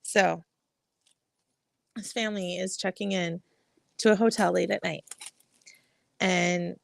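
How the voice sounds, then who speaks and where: Chatty woman, creaky voice, by a campfire. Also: on the low side, fairly even intonation, slow, no echo. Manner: chatty and giggly, lots of likes. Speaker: podcast co-host. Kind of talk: telling a campfire story. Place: outdoors by a campfire.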